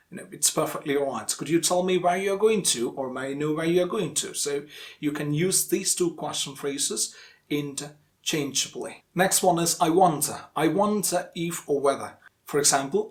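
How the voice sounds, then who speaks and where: A man teaching a language lesson, speaking slowly and deliberately and repeating example phrases. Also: a little high. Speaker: English teacher.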